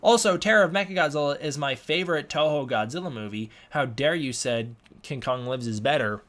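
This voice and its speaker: A man's voice: mid-range voice, a little fast, few pauses, a bit bright. A young man hosting a live stream, reading chat questions aloud in casual talk, often stumbling and restarting his words. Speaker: livestream host answering chat questions.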